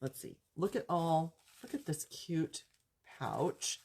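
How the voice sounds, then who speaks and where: A woman's voice: sits low, lively intonation, takes it slowly, a little mellow, slight background noise. A woman hosting a casual live crafting chat, gushing and chatty as she shows off gifts she was given. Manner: gushing, chatty, lots of "so cute" and "I love this". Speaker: crafting channel host.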